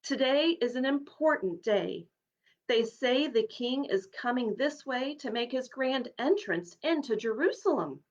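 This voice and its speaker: A woman's voice: high voice, animated, a little slow, highs cut off, voice pushed up. A woman voicing a proud, snobbish male war horse in a storybook reading, with a haughty, pompous manner. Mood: boastful.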